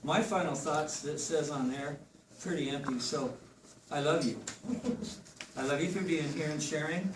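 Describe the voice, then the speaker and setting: A man speaking at a memorial gathering in halting, emotional remarks that trail off. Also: on the high side, noisy background. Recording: echoey room, far from the mic, guitar behind.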